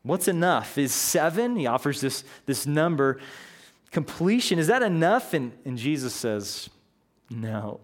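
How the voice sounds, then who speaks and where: A man's voice: a little high, big pitch swings, unhurried. A man preaching a sermon, telling a parable in an earnest, storytelling way with frequent restarts. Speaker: pastor.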